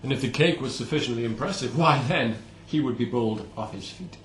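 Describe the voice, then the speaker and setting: While he bakes in his home kitchen, a male vlogger talks briskly in a medium-pitched voice, slipping in playful jabs at himself. The space is echoey, with slight background noise, for this casual cooking video.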